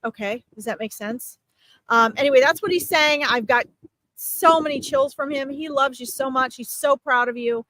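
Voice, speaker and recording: A woman's voice: high voice, moderate pace, fairly bright tone, no room sound, rough recording. A woman working as a psychic medium in a live-streamed reading, talking in a chatty, reassuring way and often checking in with her listener. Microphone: streaming mic.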